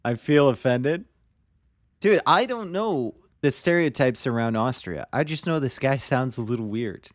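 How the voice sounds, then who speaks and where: Lively joking male game caster. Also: medium pitch, measured pace, dry recording, studio quality. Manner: joking, animated, cheers players on. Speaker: esports caster. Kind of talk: casual live-stream game commentary.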